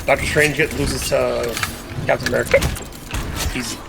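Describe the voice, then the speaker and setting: A man's voice: medium pitch, fairly even intonation, normal speed, vocal fry, loud music behind the voice. A young man in casual gaming chat as a teammate, grumbling and trash-talking about the match. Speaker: teammate in a team shooter.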